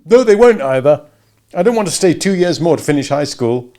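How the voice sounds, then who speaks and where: A man voicing a resentful, sulky teenage boy, loud and complaining. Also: medium pitch, animated, fairly quick, voice pushed up, natural voice.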